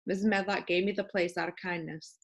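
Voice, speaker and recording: A woman's voice: fairly low pitch, steady tone, fairly quick, slightly rough. A woman voicing a cheerful, plain-spoken young housemaid with a broad Yorkshire accent in an audiobook. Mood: chatty. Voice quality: homely dialect, stout and plain-spoken. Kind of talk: audiobook character voice.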